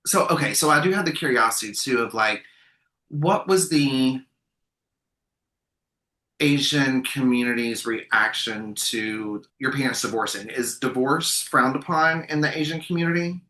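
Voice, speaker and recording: Bright-voiced curious podcast host. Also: male voice, medium pitch, expressive, a little slow, reverberant, low-quality recording. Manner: curious, stammering restarts, polite. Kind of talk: casual interview conversation.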